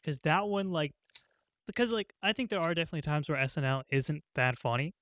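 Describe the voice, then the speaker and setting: A man's voice: fairly high pitch, lively intonation, a little fast, a bit bright. A young man co-hosting a podcast, laid-back and a bit hesitant, swearing casually as he chats. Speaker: podcast co-host. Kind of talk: casual chat.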